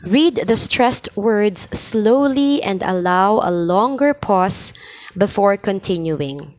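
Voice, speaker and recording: Slow, deliberate woman reading scripture. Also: medium pitch, expressive, poor audio. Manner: measured, deliberate, pausing between phrases. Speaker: lector practice host. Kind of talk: slow liturgical reading practice.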